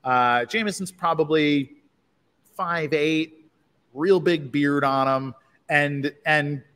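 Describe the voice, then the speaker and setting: A man hosting a livestream, telling a story in a casual, animated way, laughing often and restarting his sentences. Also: a little high, slow, smooth, big-room sound. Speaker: livestream host.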